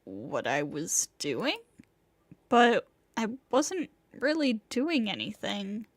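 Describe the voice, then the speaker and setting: A woman's voice: medium pitch, wildly swooping pitch, slow, dry recording, pitched below the performer's own voice, exaggerated voice. A woman reading the first-person narration of a flustered young male student, bewildered and rambling. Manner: bewildered, rambling inner monologue.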